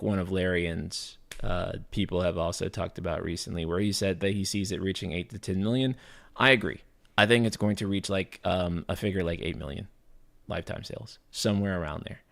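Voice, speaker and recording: A man live streaming, chatting casually with his viewers, rambling and often restarting his sentences. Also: on the low side. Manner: casual, swears, talks to chat.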